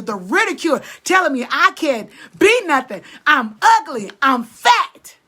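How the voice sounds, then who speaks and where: A woman's voice: high-pitched, pushed and bright. A woman giving an emotional, preacher-like motivational talk, repeating herself for emphasis. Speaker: online motivational speaker.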